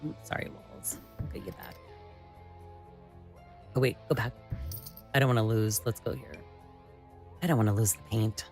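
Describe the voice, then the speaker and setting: A woman hosting a live stream, chatting casually and excitably with viewers as she builds, often exclaiming and laughing. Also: extremely low pitch, moderate pace, pauses often, soft background music. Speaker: livestream host.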